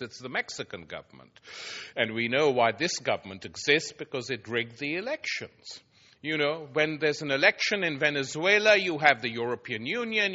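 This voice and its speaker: A man's voice: a little high, pushed and bright, lo-fi sound. A man giving a public lecture before an audience, telling anecdotes with wry, dry irony.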